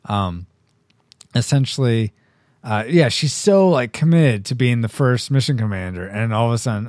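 A man hosting a casual movie review chat, animated and laughing often as he argues his points. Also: mid-range voice, a little slow, dry recording, studio quality. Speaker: podcast host.

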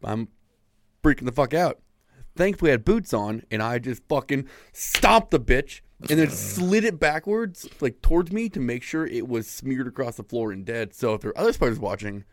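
A man co-hosting a podcast, telling a story in a loud, profane, laughing way. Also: mid-range voice, lively intonation, normal speed, few pauses, no room sound, clean studio sound. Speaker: podcast co-host. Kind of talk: casual storytelling.

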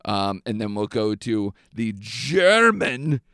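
A man's voice: on the low side, big pitch swings, takes it slowly, a bit bright, clean tone, no room sound, studio quality. A young man hosting a movie podcast, chatting casually and animatedly with lots of fillers. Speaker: podcast host.

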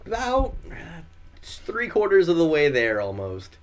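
A man's voice: on the high side, unhurried. A young man hosting a podcast, telling a story casually and acting out the quotes with gusto. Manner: animated storyteller, acts out quotes loudly. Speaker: podcast host.

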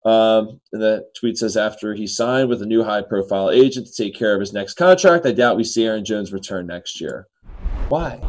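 A man's voice: on the low side, normal speed, darkish tone, poor audio. A man co-hosting a sports talk show, joking and self-deprecating, his voice cracking now and then. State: voice keeps cracking. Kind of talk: casual sports chat.

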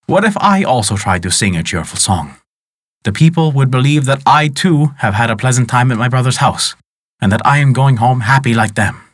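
A man playing a humble, timid poor peasant from an old folk tale. He speaks meekly with a lively pitch, in a close, dry recording. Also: moderate pace, no room sound, lightly acted. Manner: humble, meek. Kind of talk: storytelling.

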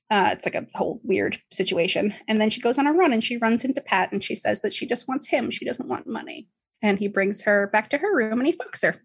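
Casting: woman host, husky, mid-pitched, chatty and loose with fillers and profanity. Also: fairly quick. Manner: chatty, filler-heavy, swears freely. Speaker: podcast host recapping a book. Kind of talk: casual chat.

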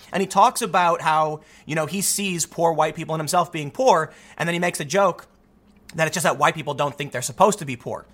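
A man giving opinionated solo commentary in an emphatic, animated way, often repeating words as he gets going. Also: high-pitched. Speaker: political commentator.

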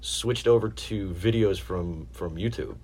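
A man's voice: low voice, unhurried, a little mellow. A man hosting a podcast, talking in a laid-back, casual way and laughing easily. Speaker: podcast host. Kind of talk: casual chat.

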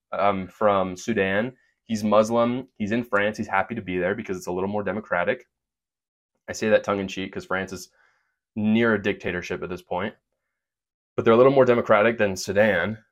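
A man hosting a podcast, speaking earnest, opinionated commentary with quick asides and fillers. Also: fairly low pitch, steady tone, lo-fi sound. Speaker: podcast host. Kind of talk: opinion monologue with sponsor read.

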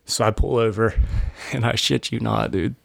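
A man's voice: on the low side, fairly even intonation, moderate pace, vocal fry, no echo. A man of about thirty, a podcast host, telling a story casually and acting out the quotes, often laughing. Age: 30s.

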